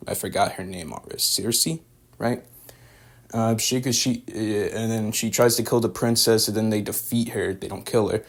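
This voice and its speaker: A man's voice: lowish voice, fairly even intonation, normal speed. A young man recapping and reviewing a show in a loose, rambling way, full of fillers and slang. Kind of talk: casual spoken recap and review.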